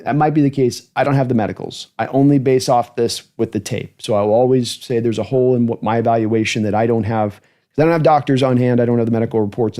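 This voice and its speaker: A man hosts a football livestream in a loose, chatty way, rambling through his thoughts and thanking viewers as he goes. His voice sits at an ordinary middle pitch, relaxed and conversational. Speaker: host of a football fan channel livestream. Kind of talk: casual livestream commentary.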